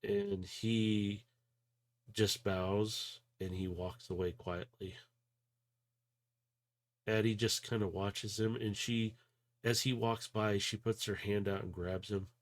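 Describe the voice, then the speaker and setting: A man narrating as game master in a relaxed, rambling, hesitant way. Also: fairly low pitch, slow pace, long pauses. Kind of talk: narrating a tabletop role-play.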